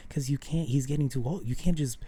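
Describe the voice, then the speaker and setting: In a mid-range voice that's mellow, husky, and fairly quick, a vlogger shares a rambling personal story on camera. The telling is full of fillers and restarts, with quoted dialogue often acted out.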